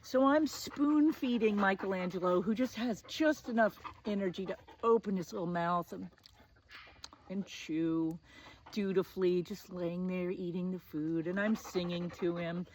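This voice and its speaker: A woman's voice: fairly low pitch, measured pace, darkish tone, slight background noise. A woman in her forties telling a personal story in a vivid, self-mocking, conversational way, full of "like" asides. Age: 40s.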